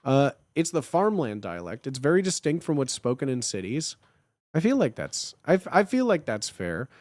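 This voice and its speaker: A man's voice: medium pitch, moderate pace, no room sound, studio quality. A young man in his twenties chatting casually and jokingly on a live stream, reading and answering chat. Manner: animated, jokey, slangy.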